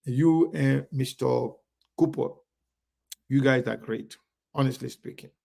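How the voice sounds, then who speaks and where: A man's voice: mid-range voice, unhurried. A man hosting an online live show, greeting viewers by name in a chatty way. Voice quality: gravelly. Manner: chatty, reads viewer names aloud warmly.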